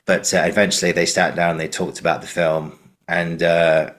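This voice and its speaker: A male podcast host with a very low voice tells a story in a casual, meandering way. He often pauses on fillers and restarts. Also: flat delivery, fairly bright tone. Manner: rambling with frequent fillers.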